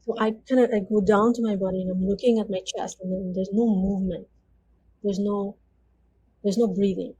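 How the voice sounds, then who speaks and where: A woman's voice: mid-range voice, steady tone, normal speed, warm tone, slight background noise, low-quality recording. A woman telling her personal testimony as an interview guest, speaking earnestly and conversationally with frequent 'you know' fillers.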